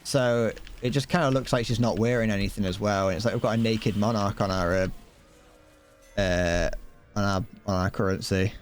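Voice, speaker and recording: A man's voice: on the low side, normal speed, faint music behind. A young man from Britain chatting casually while he streams a game, rambling and playful, humming to himself between remarks. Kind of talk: casual gaming stream chat.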